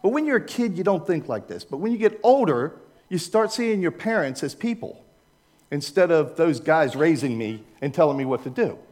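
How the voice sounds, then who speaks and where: A man's voice: on the high side, expressive, normal speed, a little mellow. An older American man with a Maryland accent, giving a chatty, informal talk with slides to a church group. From United States. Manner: chatty, digressive, asks the audience for agreement.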